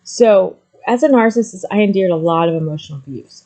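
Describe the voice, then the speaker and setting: A woman's voice: lowish voice, fairly quick, few pauses, warm tone, poor audio. A middle-aged woman talking candidly to the camera, with frequent ums, moving between hesitant and emphatic speech. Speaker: vlogger sharing personal story. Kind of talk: candid personal talk to camera.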